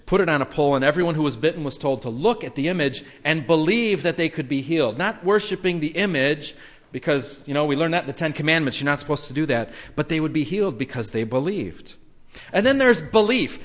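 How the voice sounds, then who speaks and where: Man preaching in a reverberant hall. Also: a little high. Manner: conversational, animated preaching with acted-out quotes. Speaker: pastor. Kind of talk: sermon.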